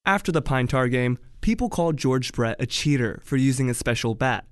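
A man narrating a documentary in a measured, scripted way. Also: medium pitch, animated, no echo, clean studio sound.

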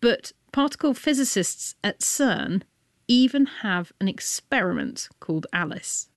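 A woman presents a science radio show with a chatty, playful manner, dropping quick asides as she goes. Her voice is close and dry, with no room around it. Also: mid-range voice, expressive, dry recording.

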